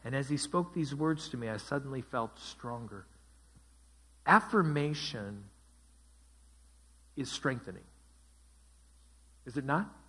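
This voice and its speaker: A man's voice: medium pitch, a bit bright. A man teaching a Bible study as pastor, asking his group questions and repeating their answers. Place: church.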